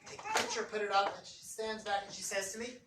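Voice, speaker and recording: A man teaching a Torah class in a lively way, asking the audience questions and acting out scenes. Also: high voice, quick pace. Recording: echoey room, distant mic, background noise.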